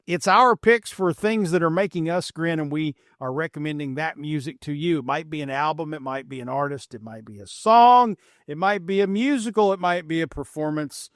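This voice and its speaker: A middle-aged man from Appalachian Kentucky with a light Kentucky twang, hosting a podcast in a relaxed, rambling, self-deprecating way. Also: on the high side, normal speed, dry recording, studio quality. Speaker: podcast host. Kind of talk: casual podcast chat.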